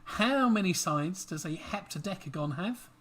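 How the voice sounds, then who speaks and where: A man's voice: high-pitched, expressive, moderate pace, fairly bright tone. A man hosting a casual online quiz night, reading questions aloud and teasing his co-host between them. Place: home livestream.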